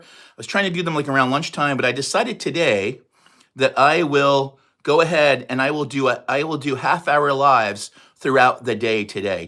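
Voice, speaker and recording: A man in his sixties with a New York accent, chatting casually and fast on a livestream. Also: mid-range voice, bright, forceful tone. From New York area, USA. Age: 60s. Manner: fast, chatty, reads out viewer comments. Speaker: livestream host.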